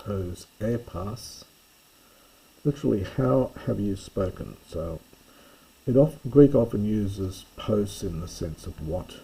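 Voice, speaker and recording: A man giving a careful, explanatory close reading of a Greek play as a lecturer, pausing to correct himself. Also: on the low side, lively intonation, vocal fry, dark tone, husky, rough recording. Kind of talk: slow scholarly close reading.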